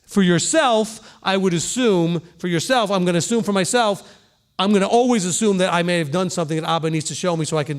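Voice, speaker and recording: A middle-aged male pastor with a notably high voice preaches in a plain, conversational way. He talks earnestly and keeps checking in with his listeners with a quick "okay?" as he teaches. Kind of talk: sermon.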